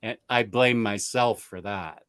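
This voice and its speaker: A man's voice: on the low side, unhurried, fairly bright tone, clean tone, no room sound, clean studio sound. A man hosting a casual livestream, reading out viewer comments with rambling, self-mocking asides and laughs mid-sentence. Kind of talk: casual chat.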